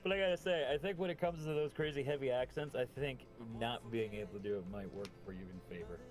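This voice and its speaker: A man's voice: mid-range voice, fast talker, soft background music. A man from upstate New York chatting and joking casually as host of a live stream. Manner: joking, animated.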